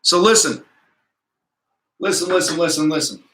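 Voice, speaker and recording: Blunt, profane host in an echoey room. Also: male voice, fairly high pitch, moderate pace, sharp tone. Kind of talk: livestream coaching talk. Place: home office.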